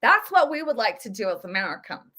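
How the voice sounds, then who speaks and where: Bright, high-voiced woman vlogger. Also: sing-song, brisk. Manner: emphatic, conversational, frequent fillers and restarts. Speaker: political vlog host. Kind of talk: casual political commentary.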